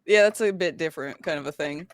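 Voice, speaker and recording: A woman playing a tabletop game who talks excitably and stammers over her words. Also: low-pitched, fast, a little hiss or hum. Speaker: player. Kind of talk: casual tabletop game chat.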